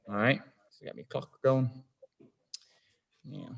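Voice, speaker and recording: A man leads a weightlifting class at a middle pitch, talking people through each position. He encourages the group and counts down the holds. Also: slow, gravelly, reverberant, background noise. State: out of breath. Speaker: weightlifting coach. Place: gym.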